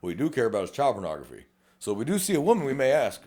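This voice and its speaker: A man's voice: mid-range voice, huge pitch swings, very fast, a little mellow. A middle-aged man with a South Texas accent, a police officer co-hosting a casual podcast, blunt and profane, acting out quoted exchanges. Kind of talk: casual chat.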